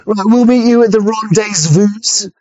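A man's voice: measured pace, darkish tone, no room sound. A man voicing a chummy, brash male navy sailor, pushy and swearing, on dull muffled audio. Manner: matey, high and pushy, swearing.

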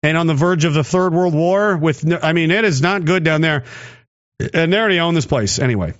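Sarcastic man, high and rambling. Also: a little fast, highs cut off. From Canada. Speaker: streamer reading chat. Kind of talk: casual livestream commentary.

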